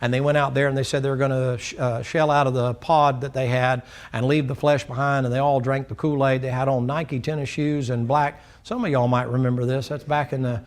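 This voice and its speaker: A man's voice: medium pitch, flat delivery, brisk, hardly any pauses. A man preaching a sermon in a church, folksy and plainspoken, acting out the dialogue of the people in his story. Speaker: pastor. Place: church sanctuary.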